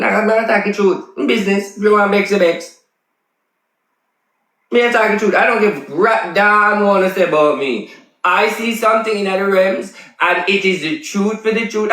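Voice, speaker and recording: A man's voice: on the high side, fairly bright tone, reverberant, rough recording. A man with a Jamaican accent, a self-styled prophet vlogger, talking insistently and repeating himself as he makes his case. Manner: insistent, repetitive, emphatic. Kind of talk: casual ranting commentary.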